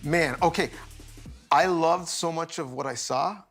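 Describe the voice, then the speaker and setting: A man's voice: a little high, unhurried, creaky, fairly bright tone. A man hosting a halftime basketball studio show, upbeat and joking with his analysts. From Canada. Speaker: studio host. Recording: music bed behind voice.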